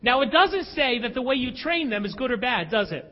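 Male pastor, very high voice, emphatic confessional preaching, echoing hall. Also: sing-song, a little fast, muffled recording. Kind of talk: sermon.

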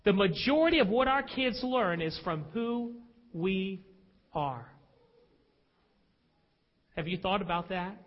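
Male pastor, very high voice, emphatic confessional preaching, echoing hall. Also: lively intonation, slow pace, long pauses, dull audio. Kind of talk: sermon.

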